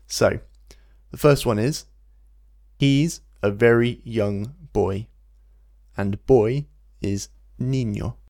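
Man, language teacher, patient explanations, slows down for example phrases. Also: medium pitch, a little mellow. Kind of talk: relaxed podcast-style language lesson.

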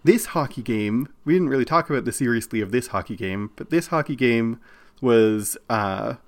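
A man co-hosting a casual podcast, arguing his views in quick bursts with frequent restarts. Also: medium pitch, expressive. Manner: opinionated, talks in bursts with restarts. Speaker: podcast co-host.

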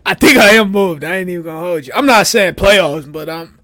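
A man co-hosting a casual sports talk show, playful and quick to laugh, putting questions to his co-host. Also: sits high, pushed and bright, a little hiss or hum. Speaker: podcast co-host.

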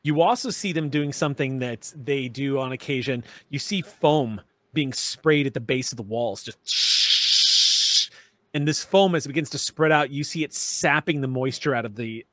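A man's voice: mid-range voice, no room sound. Game master: laid-back man, chatty narration, dry close sound. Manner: relaxed, with fillers and laughs.

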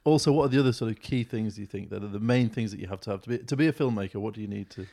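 A man's voice: lowish voice, very fast, creaky, dark tone. A man interviewing a filmmaker, asking probing questions with hesitant phrasing.

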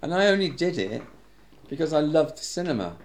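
Speaking fairly quickly in a voice on the high side, with slight background noise, this interviewee recalls his days as a cinema manager. The older Englishman is a lively, chatty storyteller whose speech is slurred by medication.

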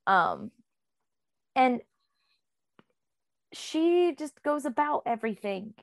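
A podcast co-host chats casually about a book, rambling with plenty of "um" and "like." Her high-pitched voice swings widely in pitch and moves slowly, and the recording is dry.

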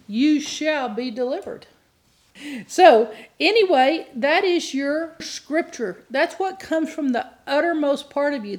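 A woman's voice: high-pitched, a little mellow. Earnest woman preaching on deliverance. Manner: earnest, rises to impassioned pleading. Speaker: deliverance minister. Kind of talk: teaching sermon.

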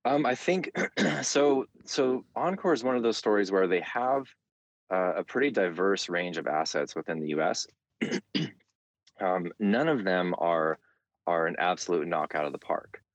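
A man speaking as an interview guest in a relaxed, frank conversational way, with frequent small hesitations. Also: deep voice, unhurried, dry recording. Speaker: interview guest, market commentator.

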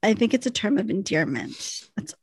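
A woman co-hosting a podcast, reading listener messages in casual chat, emotional and quick to laugh. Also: mid-range voice, big pitch swings, breathy edge, dry recording. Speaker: podcast co-host.

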